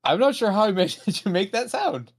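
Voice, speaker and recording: A man's voice: high-pitched, very animated, fairly quick. A man player at a tabletop game, hesitant and laughing in casual chat.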